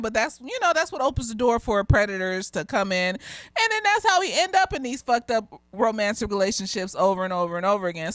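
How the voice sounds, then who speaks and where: Lively, frank woman chatting a TV review. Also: fairly high pitch, no echo. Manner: candid, profane and chatty, laughs often. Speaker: therapist reviewing a TV episode. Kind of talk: casual tipsy review chat.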